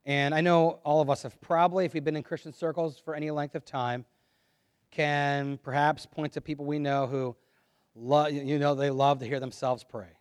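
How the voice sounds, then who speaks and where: A man preaching a sermon and reading scripture aloud, moving between quiet asides and loud, dramatic passages. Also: fairly high pitch, level tone, moderate pace, clear, resonant tone, dry recording, clean studio sound. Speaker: pastor.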